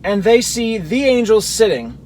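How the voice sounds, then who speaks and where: High-voiced man explaining scripture. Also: big pitch swings, measured pace, a little mellow, slight background noise, low-quality recording. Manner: explanatory, reads verses then compares accounts. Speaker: Bible teacher. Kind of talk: scripture reading with commentary.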